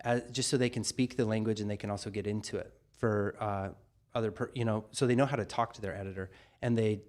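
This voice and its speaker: A man hosting a casual livestream, answering viewer questions and thinking aloud with frequent pauses. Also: on the low side, steady tone, a little mellow. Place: studio in North Carolina.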